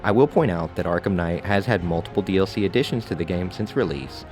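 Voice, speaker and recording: A man narrating a scripted video game review in a relaxed, conversational way with casual asides. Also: sits low, fast, faint music behind.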